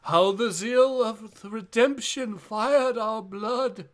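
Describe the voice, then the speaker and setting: A man voicing a scheming male servant who flatters in an oily, quick way. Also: high-pitched, voice pushed up. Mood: sly.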